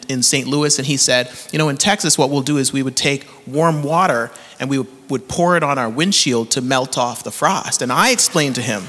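A man's voice: on the high side, fairly bright tone. Canadian man preaching in a reverberant hall. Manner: earnest, storytelling, laughs often. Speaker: pastor. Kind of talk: sermon.

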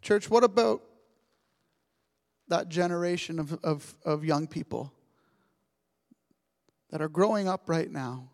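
A male pastor preaching a sermon, telling stories in an animated way and acting out the dialogue. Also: on the high side, slow, creaky, long pauses. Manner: animated storytelling, acts out dialogue. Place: church sanctuary. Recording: long church reverb.

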